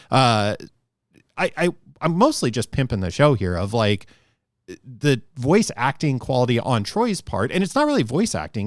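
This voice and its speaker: A man's voice: mid-range voice, dry recording, clean studio sound. A man co-hosting a podcast, chatting casually about running tabletop games and thinking aloud with asides. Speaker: podcast co-host.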